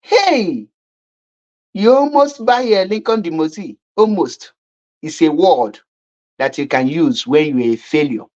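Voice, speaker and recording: A woman's voice: low-pitched, animated, unhurried, a little mellow, muffled recording. A woman with a Nigerian accent giving mocking online commentary, scornful and repetitive. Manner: scornful, repetitive, laughing at her opponents.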